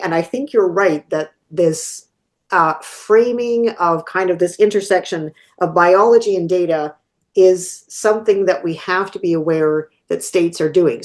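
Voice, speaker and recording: Low-voiced academic woman, hesitant. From Canada. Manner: thoughtful, hesitant with fillers and restarts. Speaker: academic speaker answering questions. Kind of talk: unscripted academic Q&A.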